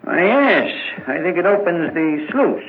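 A calm, easygoing village constable with a folksy, reassuring manner. His pitch is very lively. The old radio sound is thin and tinny, with a faint hiss. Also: unhurried, heavily acted. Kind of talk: 1940s radio acting.

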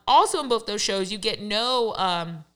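A young woman co-hosting a casual chat podcast, animated and swearing freely as she acts out quotes. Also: medium pitch, moderate pace, clean tone. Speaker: podcast co-host. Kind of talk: casual chat about reality TV.

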